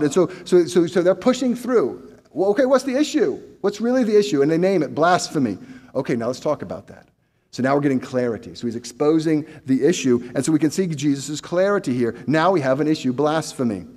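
A man's voice: on the high side, expressive, brisk, darkish tone, in a large hall. A male pastor preaching a sermon in a conversational way, full of rhetorical questions and restarts.

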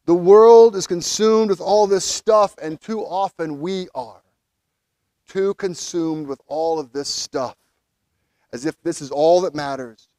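A pastor preaching a sermon, animated, acting out quoted figures as he goes. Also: a little high, slow pace, dry recording.

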